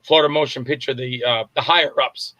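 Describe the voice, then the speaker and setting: Male director guest, animated storyteller, bright tone, dry close sound. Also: mid-range voice, quick pace, no echo, lo-fi sound. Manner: animated anecdotes, acts out voices and shouts. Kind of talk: casual storytelling interview. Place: Tampa area, Florida.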